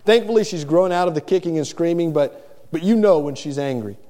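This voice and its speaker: Animated and a little fast, a middle-aged pastor delivers an earnest sermon in a warm, fairly high voice, frequently restarting phrases by repeating their opening word. The recording has a large hall's long reverb.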